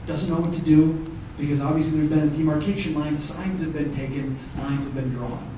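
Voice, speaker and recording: Comedian, profane stage storyteller, slightly high voice, roomy echo from a distant mic. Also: male voice, fairly even intonation, a little fast, mellow, slight background noise. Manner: conversational, profane, bantering with the audience. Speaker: stand-up comedian. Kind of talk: one-man show storytelling. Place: theatre stage with live audience. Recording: echoey theatre from far off.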